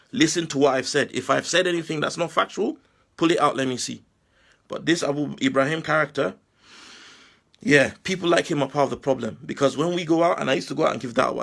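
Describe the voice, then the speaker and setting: A Nigerian man giving a forceful, preachy monologue full of rhetorical questions. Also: mid-range voice, gravelly. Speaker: Muslim commentator. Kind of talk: impassioned video monologue.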